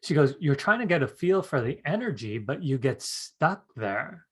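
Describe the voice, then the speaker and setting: Animated storytelling man, workshop teacher. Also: a little high, normal speed, slightly rough. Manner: animated storyteller acting out quoted voices. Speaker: psychic development teacher.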